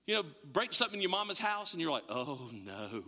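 A man preaching a sermon as pastor, animated and acting out his listeners' voices. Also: high voice, rapid-fire, vocal fry, big-room sound.

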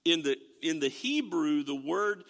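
Animated pastor in a reverberant hall. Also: male voice, a little high, unhurried. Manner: conversational, animated storytelling with acted-out quotes. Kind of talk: sermon. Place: church sanctuary. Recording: long reverb of a large hall.

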